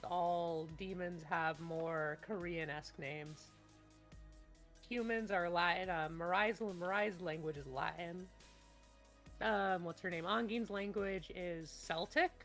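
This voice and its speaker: A woman running a tabletop game as game master, chatting casually and rambling with many restarts. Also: on the low side. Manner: rambling, restarts often, bursts into loud laughter. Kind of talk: casual chat on a voice call.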